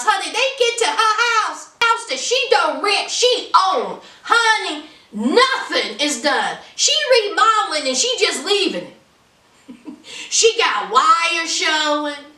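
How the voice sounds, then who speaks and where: A very high, bright woman's voice, full of sass, that swings up and down as she laughs through a casual recap. She calls everyone honey and child. She sits back from the mic in an echoey room. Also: very animated, slow, recorded from a distance. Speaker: TV show reviewer.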